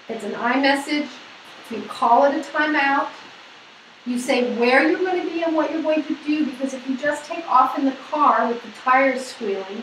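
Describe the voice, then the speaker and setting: Woman, seminar presenter, animated, quizzes the audience, echoey room, faint room noise. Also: fairly high pitch. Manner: lively, asks the audience questions, acts out quoted people. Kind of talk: lecture to a women's group. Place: hall or meeting room. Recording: echoey room, mic at a distance.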